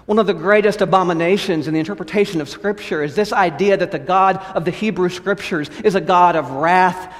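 Hey, a high-pitched guy preaching a sermon, gets intense then goes all soft, lots of reverb. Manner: impassioned, dramatic swings between loud and hushed. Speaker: pastor. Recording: long hall reverb.

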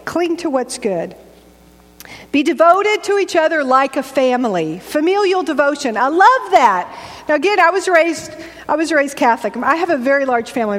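A woman's voice: high-pitched, animated, normal speed. A middle-aged woman preacher giving a conversational, joking sermon in a church. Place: church sanctuary. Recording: echoey church hall.

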